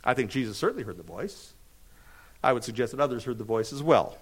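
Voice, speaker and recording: Delivering an expository sermon, this man speaks in a mid-range, sing-song voice with a breathy edge. He's emphatic, asks rhetorical questions only to answer them himself, and drags out key phrases for dramatic effect.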